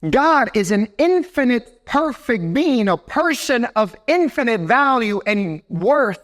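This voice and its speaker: A young male pastor preaches an animated sermon to his congregation in a church sanctuary. His high voice swings widely up and down, and he stays lively and direct, constantly turning to the room with quick "right?" checks.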